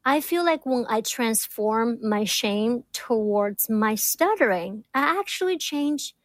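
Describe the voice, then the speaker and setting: A woman guest speaking very slowly and reflectively, stuttering and repeating words. Her voice is fairly high. The sound is dry and close. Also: expressive, no echo. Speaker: guest, doctoral student. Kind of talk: reflective interview answers.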